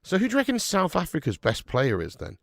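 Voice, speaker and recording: Man, watch-along host, gravelly and a touch high, dry close sound, chatty and sweary. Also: huge pitch swings, fast talker, a bit bright, no room sound. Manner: chatty, swears, laughs, greets chat viewers. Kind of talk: live football watch-along commentary.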